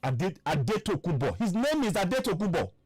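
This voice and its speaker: A man's voice: sits high, big pitch swings, darkish tone, husky, no echo, soft background music. A man giving an impassioned political livestream address as an online radio broadcaster, preaching and repeating points with emphasis. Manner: preaching, repetitive and emphatic, slows for stress; greets viewers by name mid-speech.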